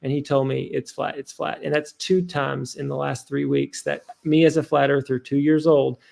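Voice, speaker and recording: Gravelly-voiced man telling an earnest story. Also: medium pitch, steady tone, moderate pace, a little mellow. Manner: earnest and rambling, full of fillers. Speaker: guest. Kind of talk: casual storytelling in a podcast.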